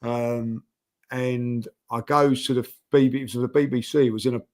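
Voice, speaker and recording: A man's voice: mid-range voice, fairly even intonation, normal speed. An older man telling stories in a rambling, casual way, full of fillers and restarts. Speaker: podcast guest. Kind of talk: casual storytelling chat.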